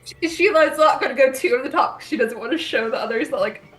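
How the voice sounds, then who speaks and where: A woman's voice: high voice, quick pace, a bit bright. A woman playing in a tabletop game who slips into a polite, formal tone in character. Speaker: player. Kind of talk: tabletop role-play.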